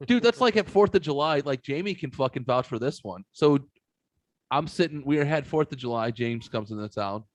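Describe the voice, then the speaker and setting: A middle-aged man tells rowdy stories on a podcast, cursing freely and calling everyone dude. His voice sits at an ordinary pitch, recorded close and dry with no room sound. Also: moderate pace, no room sound. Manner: profane, animated storyteller saying dude a lot. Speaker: podcast host. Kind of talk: casual storytelling chat.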